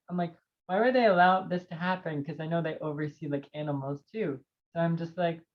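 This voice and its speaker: A woman's voice: on the low side, muffled recording. A woman in a group session telling her experience in a chatty way, with many fillers. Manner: chatty, lots of likes, laughs often. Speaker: circle member sharing an experience. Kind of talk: casual sharing.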